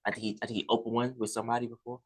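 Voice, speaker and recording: A man hosting a podcast and retelling stories in a relaxed, rambling way. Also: medium pitch, rapid-fire. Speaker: podcast host. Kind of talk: casual chat.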